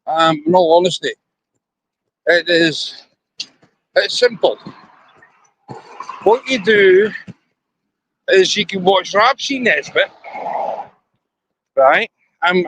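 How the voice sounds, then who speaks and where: A man's voice: sits high, husky, poor audio. A man, chatting casually to camera and earnestly explaining with examples. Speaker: YouTuber.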